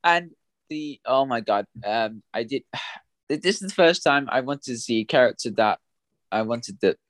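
A man's voice: mid-range voice, a little slow, dry recording. Guy on a movie podcast, stumbles over words, dry close recording. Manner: stammering, repeats words, excitable. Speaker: podcast co-host. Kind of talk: casual film review chat.

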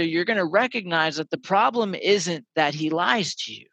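A man chatting on a podcast, animated, telling stories that carry life advice. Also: sits high, moderate pace, creaky, no room sound, rough recording. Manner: animated storyteller, swears casually. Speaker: podcast guest. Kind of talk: casual conversation.

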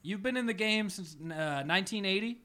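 A man's voice: high-pitched, a little fast, crowd noise. A man co-hosting a podcast, joking and upbeat as he interviews a guest. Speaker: podcast co-host.

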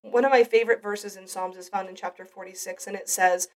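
A woman's voice: medium pitch, fairly even intonation, fairly quick, distant mic. A woman hosting a devotional podcast, giving an earnest, heartfelt Bible teaching. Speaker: podcast host.

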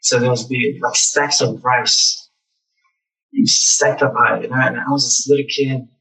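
A young man telling lively stories about his childhood as a guest in a casual interview. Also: mid-range voice, unhurried, creaky, far from the mic, poor audio. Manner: animated, acts out childhood memories.

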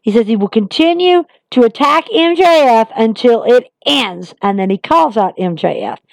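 A woman's voice: fairly high pitch, lively intonation, moderate pace, vocal fry, dry recording. A woman hosting a casual wrestling recap podcast, talking emphatically and repeating herself like an exasperated fan.

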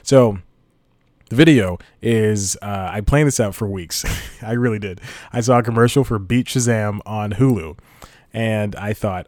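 Man, podcast host, low voice, rambling, laughs at own jokes, dry sound. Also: unhurried, darkish tone, no echo. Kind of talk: casual solo podcast chat.

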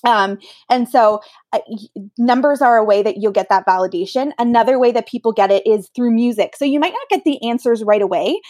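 A woman's voice: on the high side, fairly quick, no room sound, studio quality. A woman who works as a medium, telling stories in a casual interview and acting out the voices she quotes. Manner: animated, acts out quoted voices. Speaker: medium, guest.

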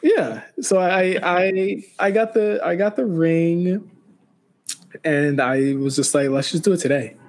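Rambling young man, somewhat high voice. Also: takes it slowly. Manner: rambling, many restarts and quoted dialogue. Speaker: podcast co-host. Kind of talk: casual chat.

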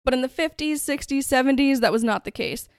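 A woman's voice: sits high, a little fast, no room sound, clean studio sound. A woman hosting a true-crime podcast, telling the story in a chatty, conversational way. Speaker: podcast host.

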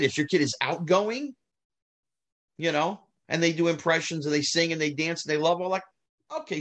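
Animated middle-aged man telling stories. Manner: animated, rises sharply when heated, trails off low. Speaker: guest, former child actor. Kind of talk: casual storytelling interview.

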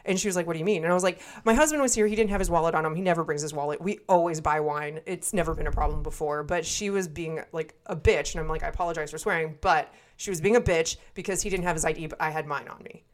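A woman's voice: deep voice, quick pace, hardly any pauses. A woman in her twenties casually telling a story on a podcast, blunt and swearing freely as she acts out what everyone said. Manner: blunt, heavy swearing, acts out quoted dialogue. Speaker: podcast co-host.

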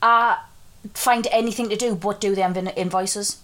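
A woman's voice: mid-range voice, fairly even intonation, moderate pace, a bit bright. A woman co-hosting a podcast, teasing her friend and telling stories with swearing and laughter. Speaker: podcast co-host. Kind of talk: casual chat.

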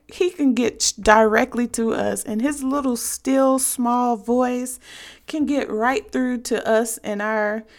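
A woman hosting a faith podcast, giving earnest, conversational devotional advice directly to her listeners. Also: a little high. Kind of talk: casual devotional podcast talk.

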